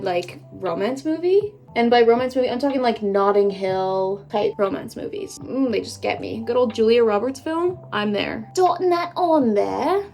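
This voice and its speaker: A bubbly Canadian woman in her twenties does her makeup while chatting with viewers in a casual get-ready-with-me video, wandering into rambling asides. Her voice sits on the high side and sounds slightly mellow.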